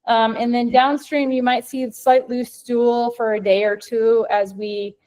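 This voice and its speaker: A woman's voice: a little high, level tone, a little slow, darkish tone. A woman with a Midwestern American accent giving an informal webinar presentation over a video call, rambling upbeat with frequent ums and restarts. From Minnesota, US. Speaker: company co-founder presenting to vets.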